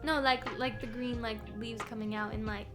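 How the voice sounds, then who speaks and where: A woman's voice: fairly high pitch, steady tone, normal speed, over music. A woman streamer chatting casually as she recaps a game series, rambling with lots of ums and small laughs. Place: home streaming setup.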